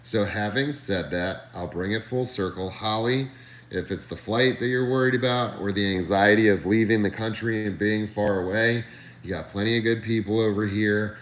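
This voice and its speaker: A man on a live stream telling a comedic story, animated, ranting and swearing freely. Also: fairly low pitch, moderate pace, roomy sound.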